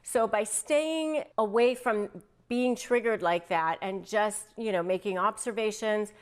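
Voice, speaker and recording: Middle-aged woman giving advice to camera, lively, acts out the lines she quotes. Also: medium pitch, a little slow. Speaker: host. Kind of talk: direct-to-camera advice talk.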